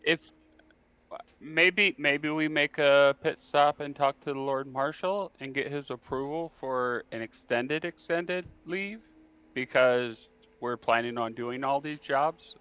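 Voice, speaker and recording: A man's voice: medium pitch, a little slow, a bit bright, clear, resonant tone. Guy talking plans thru in an online tabletop game, kinda muffled lo-fi mic. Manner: thinking aloud, persuasive planning. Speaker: player. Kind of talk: tabletop role-play discussion.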